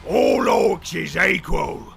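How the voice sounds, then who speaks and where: A boastful brute of an orc warrior, growling with a deep fry and gravel in every word. He drags his lines out slowly and bellows them with swooping pitch. Music plays behind him. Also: lively intonation, fairly bright tone, raised voice, slight background noise, heavily acted. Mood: defiant. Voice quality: gravelly, guttural Cockney growl. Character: big brutish male orc warrior, boastful. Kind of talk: edited video game voice acting.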